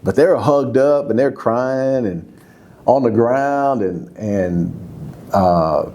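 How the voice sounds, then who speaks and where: A man in his fifties, a former football player, telling stories in a candid, casual interview, his voice jumping high when he gets excited. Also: slow pace, slight background noise. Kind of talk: candid conversational storytelling.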